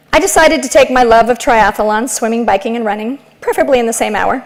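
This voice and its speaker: Gravelly-edged woman giving a motivational speech. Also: a little high, fast talker, few pauses. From Ecuador. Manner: emphatic, rhetorical, storytelling. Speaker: keynote speaker.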